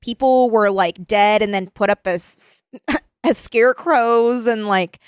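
A woman's voice: on the high side, slow, clean tone, no room sound, clean studio sound. A woman co-hosting a casual chat, talking loosely with lots of fillers and giggles. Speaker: podcast co-host.

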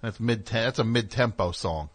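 A man's voice: lowish voice, moderate pace. A man hosting a radio show, telling a story in a casual, rambling way with wry asides in the studio.

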